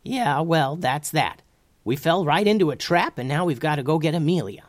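A brisk, no-nonsense grandmother speaks high and bright, as a man voices her. Her pitch swings widely and the reading sounds dry and close. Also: animated, no echo, close to an everyday voice. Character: quick-witted grandmother fairy helper.

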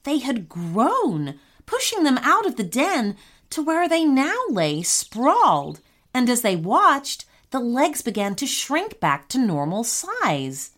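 A woman narrating a children's story in an animated storytelling manner. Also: on the high side, slow pace.

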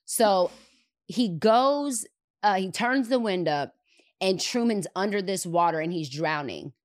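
A woman hosting a podcast, retelling a movie scene in an animated way and repeating words for emphasis. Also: mid-range voice, unhurried, dry recording, clean studio sound. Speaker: podcast host. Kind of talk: retelling a movie in casual chat.

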